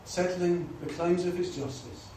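Earnest high-voiced preacher in an echoey hall. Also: male voice, steady tone, a little slow, dark tone. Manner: earnest, pleading, repeats "you know" often. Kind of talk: gospel sermon. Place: church or gospel hall. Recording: echoey hall, voice from far off, faint noise.

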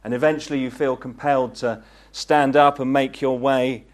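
A man preaching a gospel sermon, earnest and pleading, rising to fervent peaks and then dropping low. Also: steady tone, moderate pace. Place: meeting hall.

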